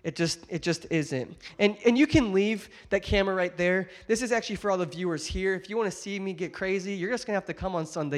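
Speaking quickly and barely pausing, a high-voiced pastor delivers an animated sermon in a church auditorium. He weaves in personal stories with plenty of jokes and addresses the congregation directly.

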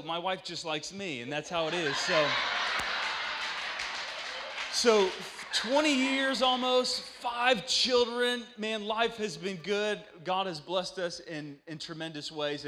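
A high-pitched man in his forties delivers a playful sermon from a church pulpit. His voice is bright and forceful, animated and full of jokes, and it jumps into full shouts during the stories. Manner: animated, joking, breaks into loud shouts. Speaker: pastor. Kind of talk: lively storytelling sermon. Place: church sanctuary.

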